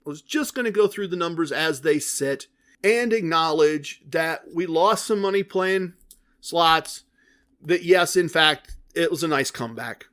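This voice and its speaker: A man's voice: on the high side, measured pace, fairly bright tone. A middle-aged man hosting a solo podcast, chatty and self-deprecating, correcting himself as he talks. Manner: mock-boastful in a put-on triumphant voice. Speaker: podcast host.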